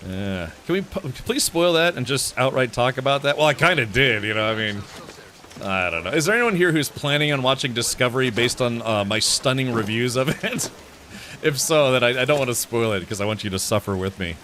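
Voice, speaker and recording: A man's voice: medium pitch, animated, fairly quick, bright, forceful tone, a little hiss or hum. A man streaming a video game live, chatting casually with his viewers, rambling, laughing often and restarting his sentences. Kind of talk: casual live-stream chat while gaming.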